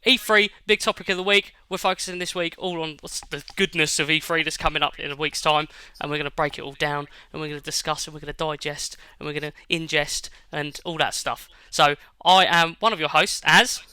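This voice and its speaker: A man co-hosting a gaming podcast, chatting casually, animated and laughing often, with some swearing. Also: on the high side, a little fast, clean tone, no echo. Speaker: podcast co-host. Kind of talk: casual chat.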